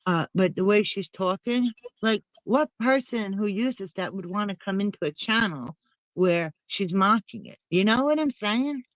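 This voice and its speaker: A woman's voice: mid-range voice, expressive, measured pace, no echo, rough recording. A woman co-hosting a casual chat, rambling through long stories and speaking bluntly with casual swearing. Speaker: channel co-host.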